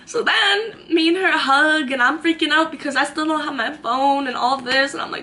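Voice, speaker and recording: A young woman in her twenties tells a story straight to the camera, chatty and animated, acting out every quote. Her voice sits a little high and sounds bright and forceful. A faint hum of room noise runs underneath. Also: moderate pace, hardly any pauses. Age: 20s. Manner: animated, acts out quotes, lots of "like". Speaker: vlogger.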